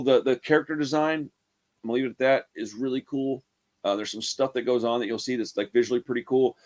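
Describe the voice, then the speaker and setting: A man giving a casual, rambling horror movie review, laid-back and full of "man" and "dude". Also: mid-range voice.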